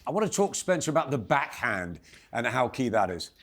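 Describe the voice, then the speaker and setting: A man's voice: medium pitch, big pitch swings, a little fast, a bit bright. A British man hosting a boxing analysis show, steering and urging on his guests. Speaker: presenter.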